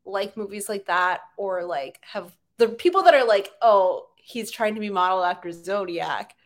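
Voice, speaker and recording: A woman's voice: mid-range voice, expressive, normal speed. A young woman co-hosting a casual movie chat, rambling with many fillers and bursts of laughter. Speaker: podcast co-host.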